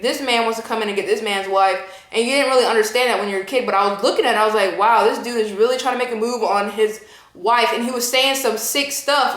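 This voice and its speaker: A young woman in her twenties chats through a casual movie review, rambling and looping back on herself. Her voice sits fairly high, and it echoes around a room at home. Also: fairly bright tone. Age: 20s. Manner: rambling, full of "like" and "you know". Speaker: vlogger. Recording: roomy echo.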